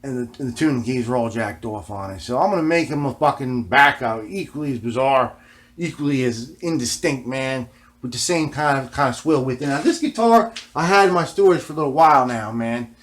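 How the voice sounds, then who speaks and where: Medium-pitched and fairly quick, this male vlogger rambles casually, cursing frequently and tacking "man" onto nearly every phrase.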